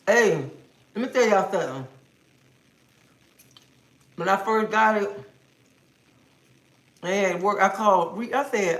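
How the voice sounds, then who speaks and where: A woman's voice: mid-range voice, takes it slowly, pauses often. Sassy woman chatting on a livestream. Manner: sassy, chatty, scolding viewers playfully. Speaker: livestream host. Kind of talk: casual livestream chat with viewers. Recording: roomy echo.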